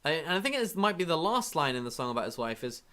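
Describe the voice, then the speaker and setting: Podcast guy being snarky about a comedy special, slightly high voice. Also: big pitch swings, fast talker, a bit bright, clear, resonant tone. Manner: sarcastic, scornful critique. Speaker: podcast co-host. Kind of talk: casual review chat.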